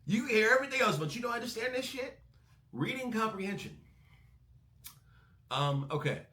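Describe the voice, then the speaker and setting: A man hosting a music breakdown channel, talking in a casual, excitable, profane way. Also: high-pitched, normal speed, reverberant. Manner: animated, excitable, swears freely. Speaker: music reaction host.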